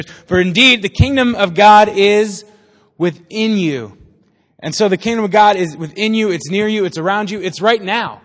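A man's voice: high voice, big-room sound. A young man preaching a casual, jokey sermon to a youth group, chatting and quizzing his listeners as he goes.

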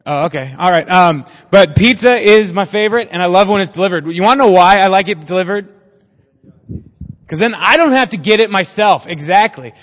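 A man's voice: high voice, a bit bright, in a large hall. A young man preaching a casual, jokey sermon to a youth group, chatting and quizzing his listeners as he goes.

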